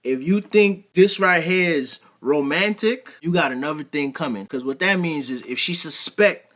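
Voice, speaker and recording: A man's voice: fairly high pitch, moderate pace, a bit bright. A man hosting a reaction video, commenting in a blunt, emphatic, casual way.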